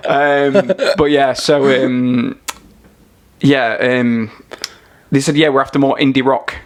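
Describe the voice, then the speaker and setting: A man's voice: medium pitch, fairly even intonation, a little slow. A man from Nottingham, a podcast guest rambling through stories in casual chat and swearing freely. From Nottingham, England. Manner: rambling storyteller, swears freely, many fillers. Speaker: podcast guest, singer-songwriter.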